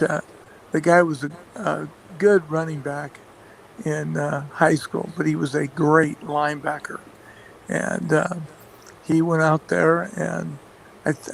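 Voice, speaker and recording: A man's voice: on the high side, flat delivery, slow pace, gravelly, slight background noise, rough recording. A man who coaches football, telling rambling stories in a radio interview, full of fillers and restarts, chuckling as he goes. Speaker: football coach and play caller. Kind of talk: casual anecdotes in a radio interview.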